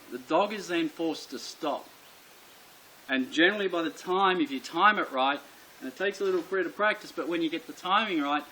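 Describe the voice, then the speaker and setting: A man's voice: fairly high pitch, bright, forceful tone, a little hiss or hum, poor audio. Blunt, emphatic male dog trainer. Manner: blunt, emphatic, repeats key points. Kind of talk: instructional explanation to camera.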